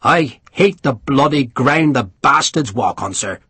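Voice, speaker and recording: A male audiobook narrator voicing a cheerful, cheeky sergeant with a husky voice. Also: medium pitch, animated, unhurried, sharp tone, no room sound, full character voice. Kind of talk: audiobook character voice.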